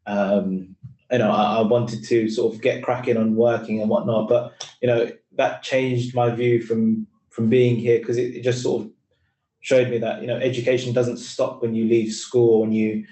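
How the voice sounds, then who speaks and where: An earnest young man talks through his career on a panel, stopping and restarting his sentences often. His voice is mellow and dark, and it sounds roomy and a little far from the mic. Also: medium pitch, level tone, normal speed. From East London, England. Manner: earnest, rambling with many restarts. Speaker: finance employee, panel speaker. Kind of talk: casual panel talk.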